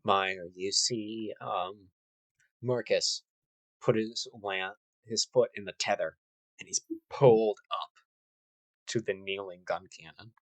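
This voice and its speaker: A man running a tabletop role-playing game, narrating in a casual, halting way. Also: on the low side, no echo, low-quality recording. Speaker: game master.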